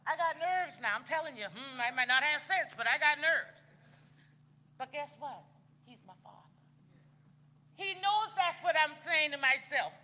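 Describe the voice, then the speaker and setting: A woman's voice: high voice, lively intonation, normal speed, pauses often, bright, forceful tone. A woman minister, preaching a sermon in a folksy, conversational way and talking straight to the congregation.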